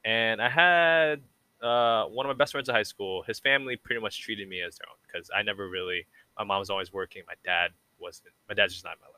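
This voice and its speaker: Speaking a little fast, a young man with a low, pushed, bright voice and clean tone chats as a podcast guest, with no echo. He's rambling and reflective in casual conversation and uses "like" constantly.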